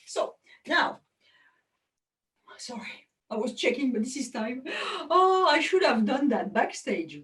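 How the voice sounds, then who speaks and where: A woman's voice: on the high side, recorded from a distance, poor audio. A woman from France with a French accent, doing chatty, self-mocking magic show patter over a video call.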